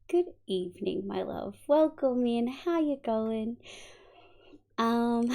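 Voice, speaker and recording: A woman's voice: on the high side, measured pace. A young Australian woman streaming live, chatting casually and greeting her viewers one by one. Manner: greets chat warmly by name, swings into loud playful outbursts.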